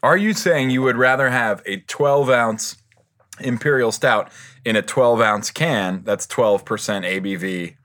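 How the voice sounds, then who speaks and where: A man's voice: medium pitch, measured pace, fairly bright tone. A man co-hosting a casual podcast chat, joking and laughing often. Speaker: podcast co-host.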